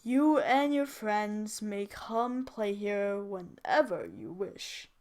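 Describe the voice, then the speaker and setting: A woman voicing a selfish male giant from a storybook, who speaks in a slow, loud and drawn-out way. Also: medium pitch, lively intonation. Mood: gentle. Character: gruff selfish male giant, later remorseful.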